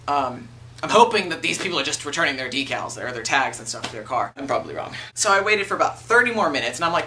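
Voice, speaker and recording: A man's voice: medium pitch, bright, forceful tone, far from the mic, a little hiss or hum. A man of twenty-one, telling a story in a casual vlog rant, swearing freely and acting out the people he quotes. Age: 20s. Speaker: video blogger.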